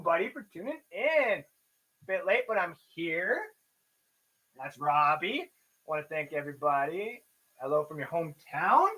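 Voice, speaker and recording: A man's voice: high-pitched, pushed and bright. A young man hosting a sports livestream, ranting with profanity and reading chat comments aloud. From Canada. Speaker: sports podcast host.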